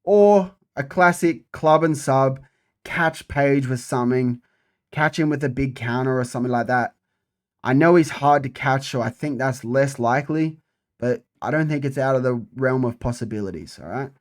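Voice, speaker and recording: A man's voice: medium pitch, normal speed. A young man giving a casual, profane breakdown of upcoming fights, repeating himself for emphasis. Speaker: MMA fight predictor.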